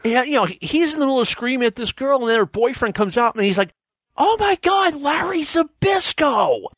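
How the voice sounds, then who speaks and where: A man's voice: very high-pitched, fast talker, no room sound, clean studio sound. A man in his fifties hosting a casual podcast, telling stories with lots of energy and acting out the quotes. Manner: animated storyteller, acts out shouted quotes. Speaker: podcast host.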